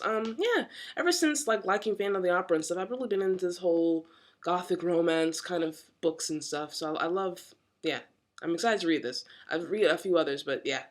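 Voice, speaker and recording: A woman in her twenties chatting in a casual book haul vlog, rambling and enthusiastic, with lots of fillers and frequent laughs. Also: fairly low pitch. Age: 20s. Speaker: university student vlogger.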